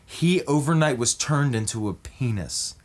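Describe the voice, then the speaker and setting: A man's voice: medium pitch, expressive, a little slow. A man in a casual chat, telling a crude story in a profane, rambling way full of restarts.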